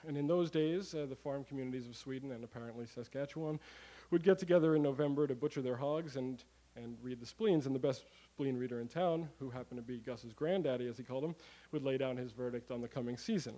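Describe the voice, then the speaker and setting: A man giving a live comic talk to an audience, animated and rambling, with many fillers and the odd curse word. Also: medium pitch, fast, low-quality recording. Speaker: comedic presenter.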